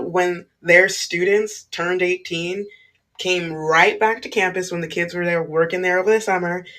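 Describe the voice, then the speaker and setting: A speaker recounting a personal story in a blunt, emphatic way. The speech is casual, with occasional profanity and forceful stresses. It sounds like a clip played from elsewhere. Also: mid-range voice. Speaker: former school staff member telling a story.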